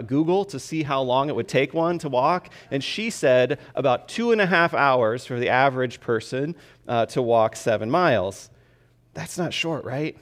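A man preaching as a pastor, talking to the congregation in a conversational, animated way that keeps asking "right?" and laughing along. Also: mid-range voice. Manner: animated, with frequent restarts. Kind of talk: sermon.

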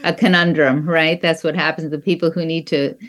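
Author lady in her 60s, lower voice, earnest and measured, telling stories. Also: flat delivery. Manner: thoughtful, earnest, measured storytelling. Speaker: author guest. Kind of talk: interview conversation.

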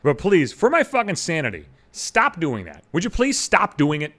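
Man, podcast host, profane rant, exasperated, slightly slurred, lively up-and-down pitch. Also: moderate pace. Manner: swears constantly, exasperated ranting.

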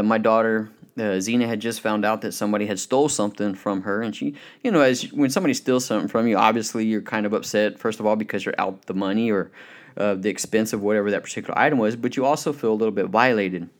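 A man preaching a sermon, telling illustrative stories and slowing down to stress the key points. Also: lowish voice. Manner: storytelling, emphatic, slows down on key points.

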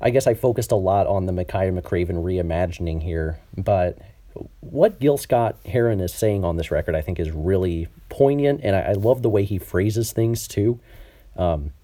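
This podcast host speaks over Skype at a moderate pace, his low, warm voice slightly nasal and lively in its intonation. He keeps things chatty, with plenty of ums and false starts.

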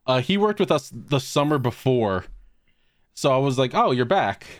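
A man's voice: medium pitch, sing-song, moderate pace, no echo, clean studio sound. A man co-hosting a podcast, telling prank stories in a casual chat and swearing freely. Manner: storytelling, swears often, laughs at own pranks. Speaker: podcast co-host.

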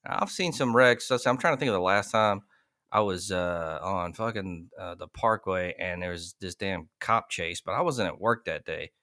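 A man's voice: deep voice, moderate pace, sharp tone, dry recording, studio quality. A man hosting a casual podcast, cursing freely in a laid-back way. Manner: profane, laid-back storytelling. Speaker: host.

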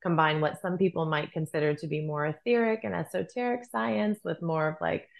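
A woman hosting a podcast, her voice sitting a little low. She gushes with bubbly, effusive praise as she leads the interview. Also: a little fast, vocal fry. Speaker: podcast host.

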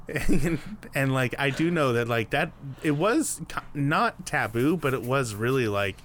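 A man's voice: medium pitch, expressive, unhurried, fairly bright tone, slight background noise. A man co-hosting a podcast, chatting casually with mumbled asides that trail off. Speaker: podcast co-host. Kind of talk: casual chat and read ad.

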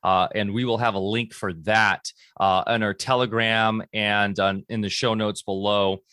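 A man's voice: on the low side, level tone, unhurried, pushed and bright, smooth, dry recording, clean studio sound. A man hosting a podcast over a video call, talking casually with many ums and uhs. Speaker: podcast host.

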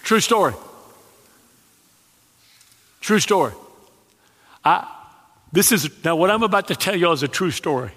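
A man preaching a sermon, telling stories with dramatic pauses and chuckling asides. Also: high-pitched, animated, fairly bright tone. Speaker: pastor. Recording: long hall reverb.

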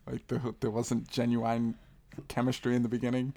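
A man's voice: mid-range voice, completely flat delivery, moderate pace, vocal fry, warm tone. A man co-hosting a film podcast in casual chat, critical and wry.

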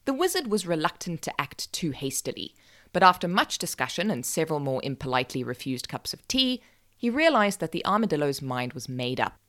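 A woman narrating a folk tale for a podcast with wry, deadpan asides. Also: low-pitched, a little fast. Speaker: podcast storyteller. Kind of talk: scripted narration.

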